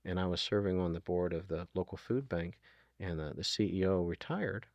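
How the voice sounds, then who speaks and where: Low gravelly middle-aged man, earnest. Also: brisk, no echo, lo-fi sound. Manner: earnest, retells dialogue, frequent ums and you-knows. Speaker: guest, food nonprofit founder. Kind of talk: conversational interview storytelling.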